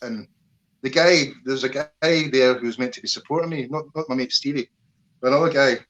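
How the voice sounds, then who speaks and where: A Scottish man and army veteran, talking as an interview guest in a casual, animated storytelling way, swearing freely and acting out voices. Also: mid-range voice, brisk, lo-fi sound.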